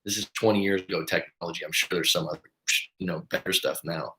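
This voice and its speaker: A man coaching people through breakups tells a personal story in a casual, animated way and acts out what others said. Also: low-pitched, fast. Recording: roomy echo.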